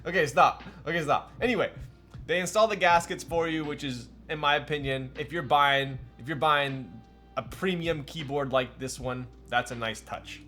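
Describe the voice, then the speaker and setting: Young male streamer, self-mocking chatter, fairly high voice, faint music. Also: moderate pace, bright, forceful tone. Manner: joking, self-mocking, answers chat. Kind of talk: casual live-stream chat while building a keyboard.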